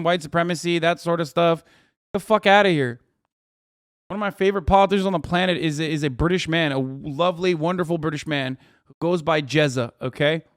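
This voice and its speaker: A man's voice: fairly high pitch, no echo, clean studio sound. A male streamer reacting to chat, ranting heatedly with plenty of profanity and sarcastic jokes. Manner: jokey, trailing off into mumbles.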